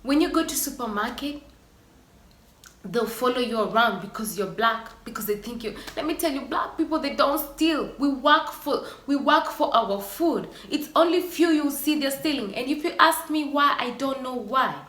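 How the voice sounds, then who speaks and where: A woman's voice: sits high, animated, moderate pace, fairly bright tone. A woman vlogger talking earnestly and emotionally to her viewers, sighing now and then. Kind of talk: personal vlog monologue. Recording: echoey room.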